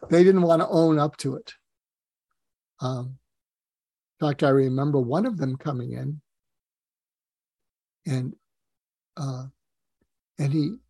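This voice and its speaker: An older man, a psychiatrist, telling stories earnestly in an interview, pausing often to find his words. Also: on the high side, darkish tone, husky, no room sound. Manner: earnest, storytelling with acted quotes, frequent hesitations. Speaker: psychiatrist guest. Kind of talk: conversational interview talk.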